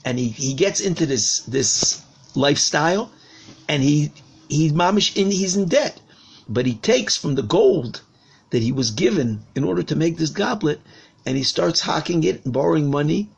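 A man, a rabbi, giving a sermon and telling a parable with animated storytelling. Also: a little high, normal speed, gravelly, slightly rough.

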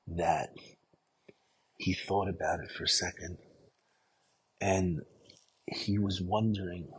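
A man giving an earnest storytelling sermon, often dropping to a hushed voice at the emotional moments. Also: low-pitched, slight background noise, rough recording.

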